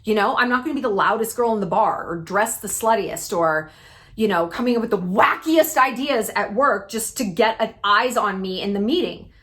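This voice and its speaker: A woman in her thirties giving blunt advice straight to her viewers, emphatic and salty-mouthed, with big swings in pitch. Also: animated, moderate pace, a bit bright. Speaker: YouTube commentator. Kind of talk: direct-to-camera advice talk.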